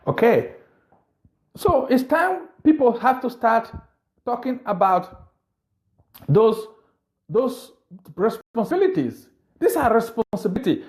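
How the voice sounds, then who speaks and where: A man's voice: extremely high pitch, big pitch swings, slow pace, long pauses, darkish tone. A man giving an impassioned political monologue, indignant and full of rhetorical questions. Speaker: political commentator.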